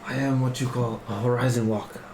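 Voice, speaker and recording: A man's voice: mid-range voice, flat delivery, fairly quick, reverberant, background noise. Man speaking in character at a game table. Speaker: player. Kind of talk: in-character play.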